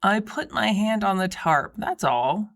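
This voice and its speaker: A woman's voice: medium pitch, expressive, a little slow. A woman voicing a willful, unapologetic female ghost with a dry, dismissive way of talking in an audiobook.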